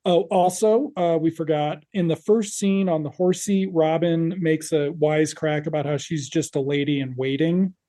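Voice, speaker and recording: A man's voice: a little high, steady tone, normal speed, hardly any pauses, mellow. A man co-hosting a podcast, wryly recapping a show in casual chat. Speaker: podcast co-host.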